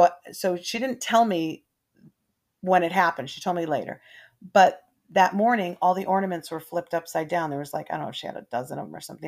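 A middle-aged woman, a mother, telling family ghost stories in a rambling, casual way, with many restarts and quoted voices. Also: fairly low pitch. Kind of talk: casual storytelling.

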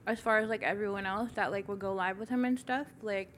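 A woman from Toronto talks as a guest in a casual interview at a middling pitch. Her talk is blunt and full of swearing and filler words. Faint background noise sits under her voice. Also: steady tone, quick pace, fairly bright tone. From Toronto, Canada. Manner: blunt, profane, filler-heavy.

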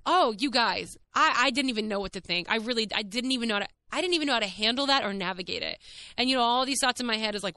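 A woman's voice: a little high, fast, bright, forceful tone, dry recording. A young woman, candidly telling her own story on her podcast in a chatty, swearing, filler-heavy way. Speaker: podcast host. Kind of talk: casual monologue.

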